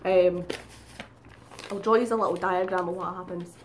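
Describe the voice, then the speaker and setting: A woman's voice: fairly low pitch, fairly even intonation, moderate pace, a little hiss or hum. A woman talks straight to her viewers in a casual storytelling vlog. She is chatty and unguarded, swears freely and laughs at herself along the way. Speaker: vlogger.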